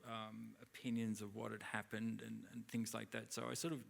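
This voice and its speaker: A man's voice: on the low side, monotone, moderate pace, gravelly. A middle-aged man, a guest at a live on-stage interview, telling rambling anecdotes and acting out other people's lines. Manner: rambling anecdotes full of acted-out dialogue. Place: theatre stage at a live event.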